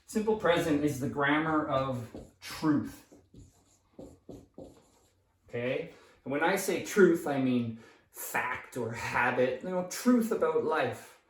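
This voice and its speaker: Slightly high-voiced man teaching in an echoey room. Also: lively intonation, takes it slowly, pauses often, distant mic. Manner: patient explaining, frequent checking "right?" and "okay?"; restarts and self-corrections while writing. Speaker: English teacher. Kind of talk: whiteboard grammar lesson.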